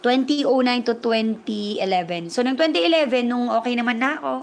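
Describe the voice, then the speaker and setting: Chatty Filipino woman with a high voice. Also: quick pace, vocal fry, slight background noise. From Philippines. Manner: chatty, switching between English and Tagalog. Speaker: livestream host and language teacher. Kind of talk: livestream chat reading viewer comments.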